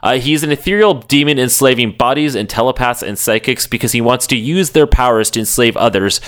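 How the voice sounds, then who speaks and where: A man's voice: medium pitch, a little fast, fairly bright tone, smooth. A man co-hosting a podcast in casual chat, rambling and swearing freely with lots of "like". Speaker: podcast co-host.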